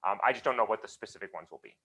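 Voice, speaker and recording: A man answering questions in a conversational talk, emphatic and animated, with many fillers and restarts. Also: lowish voice, racing, breathy edge. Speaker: guest speaker.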